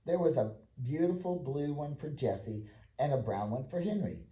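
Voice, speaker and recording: A man reading a children's chapter book aloud in plain, even storytelling with a few small slips, in an echoey room. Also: fairly high pitch, moderate pace. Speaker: audiobook reader.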